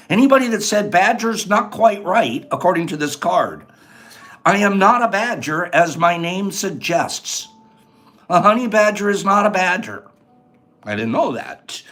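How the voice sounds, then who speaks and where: A man's voice: sits high, very animated, unhurried, fairly bright tone, faint music behind. A man hosting a casual livestream, explaining each step as he goes and reading viewers' answers aloud in a chatty way. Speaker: livestream host. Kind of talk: casual livestream chat and how-to.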